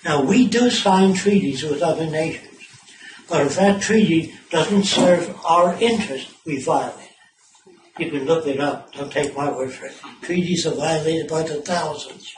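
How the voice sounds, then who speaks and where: A man's voice: fairly high pitch, normal speed. Blunt man talking in an echoey room. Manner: blunt, profane, storytelling with asides. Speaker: speaker addressing visitors. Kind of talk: informal talk to a small group. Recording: echoey room, mic far off, clear background noise.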